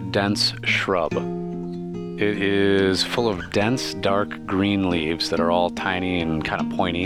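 Deep-voiced male game master. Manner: relaxed, casual narration with fillers. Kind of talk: narrating a tabletop game.

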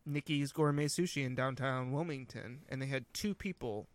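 A man's voice: medium pitch, moderate pace, dry recording. A man co-hosting a podcast, chatting casually, agreeing and explaining his points. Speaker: podcast co-host. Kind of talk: casual chat.

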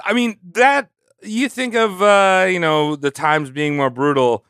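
A man's voice: high-pitched, fairly even intonation, unhurried, vocal fry, a bit bright, clear, resonant tone, no room sound, clean studio sound. A man on a comedy podcast, retelling history in a loose, joking way full of "like" and "you know.". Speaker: podcast co-host telling history. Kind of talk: casual comedic history storytelling.

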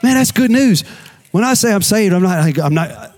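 Animated preaching man, slightly high voice. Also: normal speed. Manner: animated preaching, repeats key phrases. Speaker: pastor. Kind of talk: sermon.

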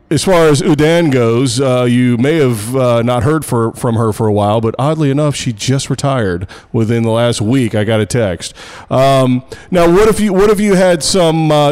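A man's voice: medium pitch, darkish tone, smooth. Joking man hosting a podcast. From Pittsburgh area. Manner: joking, rambling questions. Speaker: podcast host and college tennis coach. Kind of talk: casual podcast chat.

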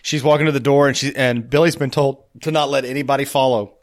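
A man co-hosting a podcast, chatting casually, laughing often and tossing in quick asides. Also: mid-range voice, steady tone. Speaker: podcast co-host. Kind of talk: casual chat.

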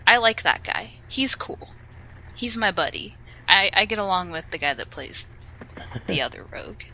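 A young woman co-hosting a casual podcast, telling an animated, swear-filled story about her tabletop group. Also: medium pitch, normal speed, low-quality recording. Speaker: podcast co-host.

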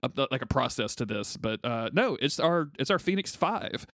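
A man co-hosting a comic book podcast in a mid-pitched voice, talking in an animated, profane way. The sound is dry and close, with no room around him. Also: dry recording. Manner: animated, swearing, quick to laugh. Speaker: podcast co-host. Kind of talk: casual comic book discussion.

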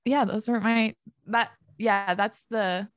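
A woman's voice: mid-range voice, steady tone, a little slow, dry recording, studio quality. A young woman talking casually as a podcast guest. She is chatty, says "like" a lot and laughs often. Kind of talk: casual conversation.

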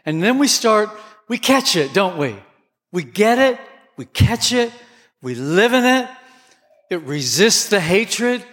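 A man preaching a sermon with passion, his voice climbing to near shouts at times. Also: high-pitched, very animated, takes it slowly. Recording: long hall reverb.

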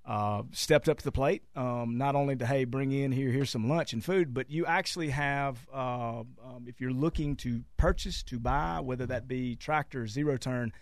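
A man, a dealer guest on a radio show, talking through a sales pitch with many halting fillers and restarts. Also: dry recording, clean studio sound. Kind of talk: casual radio interview. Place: radio studio.

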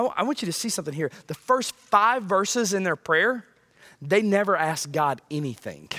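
A male pastor preaching a sermon, swinging between loud high bursts and quiet low lines.

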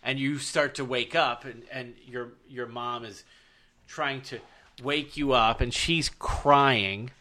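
A man's voice: medium pitch, steady tone, slow, pushed and bright. A man in his thirties hosting a podcast, telling a story in casual chat, profane and emphatic. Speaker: podcast host.

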